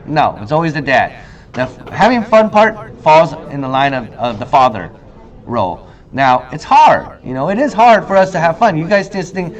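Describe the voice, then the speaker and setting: A man in his thirties hosts a casual talk show, chatting straight to his viewers. His voice sits a little high for a man, and he tells stories with lots of energy, jumping into quoted lines. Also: moderate pace, highs cut off. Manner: animated storyteller, acts out quoted lines in a higher voice. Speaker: host. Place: in Korea.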